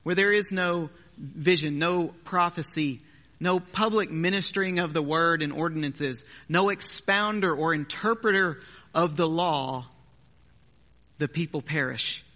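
A man's voice: on the high side, unhurried, pushed and bright. A man preaching a sermon as pastor, in a conversational way with joking asides. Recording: long hall reverb.

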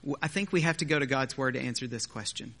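A man's voice: mid-range voice, fast talker, bright, forceful tone. A man preaching a sermon as pastor, in a conversational way with joking asides. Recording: long hall reverb.

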